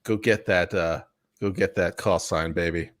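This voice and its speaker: A man's voice: sits low, fairly even intonation, normal speed. A man co-hosting a casual livestream, reading super chats with playful drawling asides.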